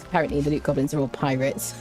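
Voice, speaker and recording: A woman's voice: low voice, flat delivery, fast, over music. A woman streaming a game, chatting playfully with her viewers and humming little tunes as she plays. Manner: chatty, playful, hums and scats while playing; talks to chat, greets viewers. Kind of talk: casual gameplay commentary.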